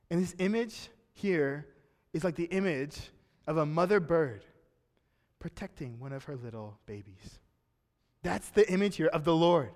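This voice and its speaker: A young man preaching an earnest sermon, often dropping soft and low at the end of a phrase. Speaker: pastor. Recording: long hall reverb.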